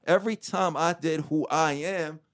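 A middle-aged man, a rapper as interview guest, telling his story candidly with profanity, restarts and acted-out quotes of other people. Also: on the high side. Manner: animated, profane, acts out quoted dialogue; halting restarts and self-corrections.

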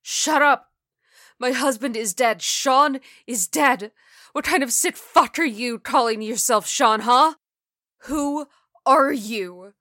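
A frightened but tough young policewoman, played by a woman narrator in a horror audiobook, snapping out demands. Her voice is bright and cutting, close and dry. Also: a little high, big pitch swings, moderate pace, few pauses, no echo, pitched above the performer's own voice, heavily acted. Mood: shouting. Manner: sharp, demanding and fearful. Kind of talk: audiobook character voice.

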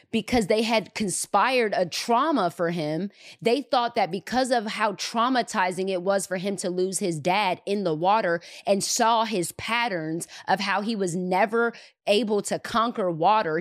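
Animated woman retelling a movie. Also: mid-range voice, dry recording, studio quality. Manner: animated, repeats words for emphasis. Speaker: podcast host. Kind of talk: retelling a movie in casual chat.

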